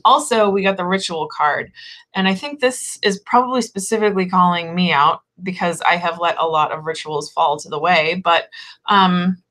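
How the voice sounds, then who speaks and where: A woman's voice: on the low side, moderate pace, a bit bright. A woman shop owner chatting casually on a tarot livestream, rambling and giggly, with lots of fillers.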